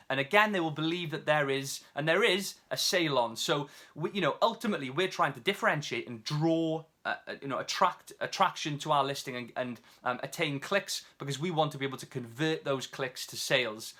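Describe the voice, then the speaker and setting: Fast-talking British man, bright voice. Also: on the high side. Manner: fast, with many fillers and restarts. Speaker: online seller teaching a course. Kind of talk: casual video tutorial.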